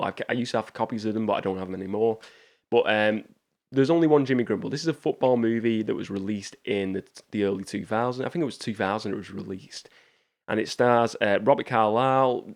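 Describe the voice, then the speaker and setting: A man chatting casually about movies as a channel host, in a rambling, talkative way. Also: on the low side. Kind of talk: casual movie review talk.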